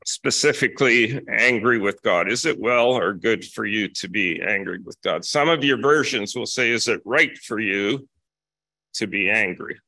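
A man delivers a sermon in a lowish, forceful voice, steady and deliberate, returning again and again to his key phrases. The sound is close and dry, with no room around it. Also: no room sound. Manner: measured, repeats key phrases for emphasis. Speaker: preacher.

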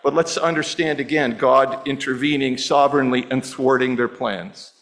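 A man's voice: mid-range voice, moderate pace, a bit bright, low-quality recording. A middle-aged man preaching a sermon as pastor, conversational and often repeating words as he restarts.

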